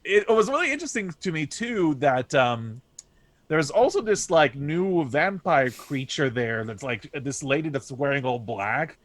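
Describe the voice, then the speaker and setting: A man's voice: on the high side, animated, moderate pace, fairly bright tone, dry recording. A man talking as a podcast guest, laid-back and rambling, with plenty of fillers as he chats about games. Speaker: podcast guest, game developer. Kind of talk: casual podcast chat.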